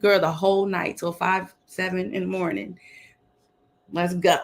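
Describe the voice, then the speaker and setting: A woman's voice: fairly low pitch, level tone, measured pace, vocal fry. Bubbly young woman on a video call. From Dallas, Texas. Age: young adult. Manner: bubbly, upbeat, laughs often. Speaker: guest. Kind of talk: casual chat.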